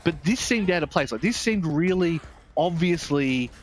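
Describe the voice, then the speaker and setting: A man's voice: a little high, animated, normal speed. A man with an Australian accent reviewing a video game in casual chat, rambling and candid, swearing freely.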